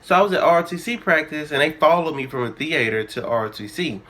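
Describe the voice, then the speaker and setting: Animated young man telling a story. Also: fairly high pitch, fast. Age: early 20s. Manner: animated, dramatic retelling with quoted dialogue. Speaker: vlogger. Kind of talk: casual storytelling.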